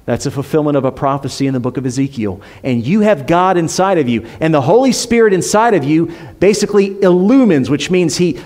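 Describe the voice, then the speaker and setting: A man with a high voice delivers a sermon in a church. He preaches emphatically, pushing up and louder on rhetorical questions, then sinking to near-whispers for effect. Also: lively intonation, fairly quick, few pauses. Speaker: pastor.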